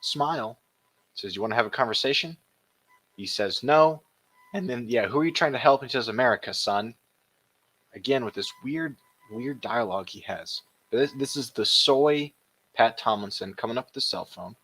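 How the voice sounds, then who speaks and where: A man's voice: mid-range voice, moderate pace, slightly rough. Mocking male commentary host. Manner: mocking, animated retelling of clips. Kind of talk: casual reaction commentary.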